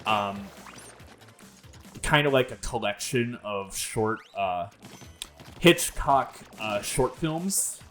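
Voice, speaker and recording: A man's voice: fairly low pitch, expressive, takes it slowly, pauses often, fairly bright tone, soft background music. A young man hosting a gaming video, rambling in casual commentary full of fillers and swearing. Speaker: gaming channel host.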